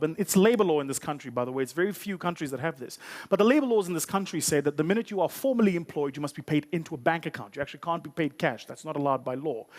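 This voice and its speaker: A man giving a motivational business keynote to a live audience. He tells stories with punchy emphasis and makes joking asides to the crowd. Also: on the high side. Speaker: keynote speaker. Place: conference stage before a live audience.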